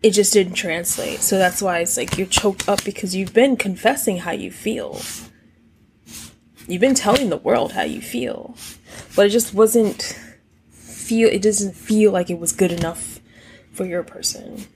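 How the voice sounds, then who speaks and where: A woman talks through a tarot spread in a casual, straightforward way, asking questions out loud and reading lyrics as messages. Her voice sits in a middle range with a gravelly, creaky texture. A faint noise runs under the recording. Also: mid-range voice, expressive. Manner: reads song lyrics aloud in a quick, soft recital; straightforward, musing, rhetorical questions. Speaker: tarot reader.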